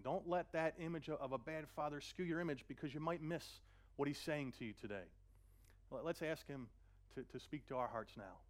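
A man preaching a sermon, earnest, often repeating a word as he gathers his thoughts. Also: on the high side. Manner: earnest, repeats words while searching, slows for scripture. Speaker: pastor.

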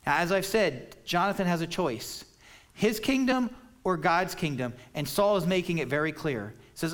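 A man's voice: on the high side, expressive, normal speed, a bit bright. A man preaching an expository sermon, explaining scripture in a plain, conversational way. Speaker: pastor.

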